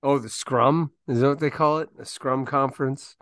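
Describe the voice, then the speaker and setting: A man co-hosting a casual podcast, agreeing along with quick replies. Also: medium pitch, fairly even intonation, fairly bright tone, dry recording, clean studio sound. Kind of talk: casual chat.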